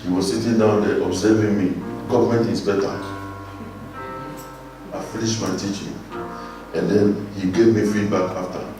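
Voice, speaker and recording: A man's voice: fairly low pitch, level tone, normal speed, long pauses. A man pastor preaching a sermon, exhorting the congregation and repeating lines for them to echo back while reading scripture aloud. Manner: reads scripture aloud and comments on it. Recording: echoey hall, distant mic, music behind.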